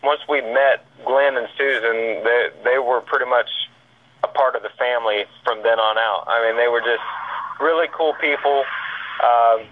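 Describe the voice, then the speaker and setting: A man's voice: mid-range voice, normal speed, slight background noise. A man from Georgia with a Southern accent, chatting casually as a podcast guest and saying "man" often. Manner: easygoing, repeats words and fillers like "man". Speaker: guest, paranormal investigator. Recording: tinny phone line.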